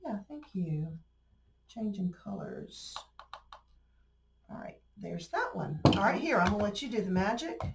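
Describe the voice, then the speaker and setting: A woman's voice: mid-range voice, sing-song, a little slow, vocal fry, pauses often, very noisy. A woman with a Southern US accent hosting a casual crafting demonstration, chatty and folksy, laughing often. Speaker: crafting tutorial host. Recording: roomy, distant mic with faint ambience.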